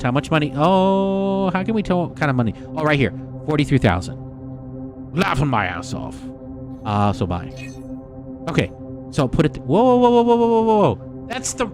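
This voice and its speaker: Excitable male game streamer. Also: mid-range voice. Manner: excitable, chatty, swears casually, talks to viewers by name. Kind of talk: live gameplay commentary to chat.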